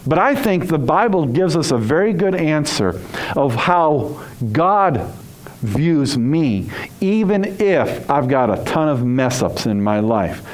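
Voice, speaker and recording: Storytelling male pastor, lively delivery. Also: fairly high pitch, takes it slowly, low-quality recording. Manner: storytelling, acts out dialogue, drops to a whisper at times. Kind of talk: sermon.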